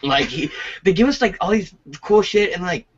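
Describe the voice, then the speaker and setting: A man's voice: sits high, expressive, normal speed. A man co-hosting a casual podcast, telling rambling, swear-filled stories about game nights. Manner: rambling, swears freely, storytelling. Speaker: podcast co-host. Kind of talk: casual chat. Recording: dull lo-fi audio.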